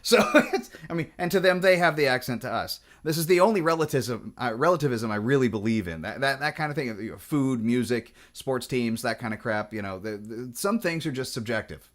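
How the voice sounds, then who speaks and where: A man's voice: mid-range voice, animated, a little fast, hardly any pauses. Chatty rambling man with a Pacific Northwest accent. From Washington State. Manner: chatty, digressive, many restarts and fillers. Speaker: guitar vlogger. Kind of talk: rambling casual chat.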